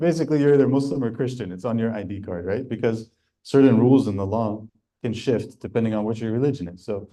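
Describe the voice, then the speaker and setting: Deep-voiced man teaching. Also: quick pace, mellow, low-quality recording. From United States. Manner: conversational, chuckles while telling stories. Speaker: religious teacher. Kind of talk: storytelling lecture.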